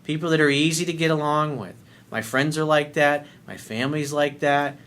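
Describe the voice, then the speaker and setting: A man's voice: fairly high pitch, normal speed, fairly bright tone. A man delivers a video coaching monologue as a life coach, speaking bluntly and emphatically and swearing freely.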